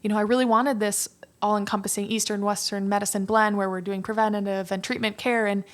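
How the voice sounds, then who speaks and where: A woman guest on a podcast who runs her own business. She talks casually and meanders, leaning on fillers as she thinks aloud. Her voice sits at an ordinary middle pitch for a woman. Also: level tone, fast. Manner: rambling, many fillers like "like" and "you know". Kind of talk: casual chat.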